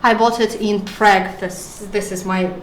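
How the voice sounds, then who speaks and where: A woman's voice: mid-range voice, steady tone, normal speed. A woman, a Russian speaker, speaking as a game designer guest on a casual stream, hesitant with many fillers and restarts. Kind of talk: casual dev stream chat. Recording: echoey room, distant mic.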